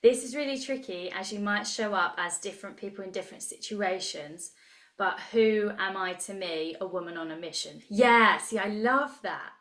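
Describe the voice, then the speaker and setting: A woman's voice: mid-range voice, normal speed, fairly bright tone. A woman in her thirties, leading a live online coaching session in an enthusiastic, chatty way and reacting to messages from the chat. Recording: roomy echo.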